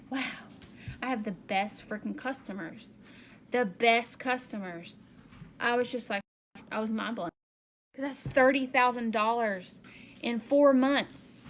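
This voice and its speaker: Woman sales director for a personal vlog: slow, emotional, candid, repeats herself. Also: a little high, fairly bright tone, a little hiss or hum.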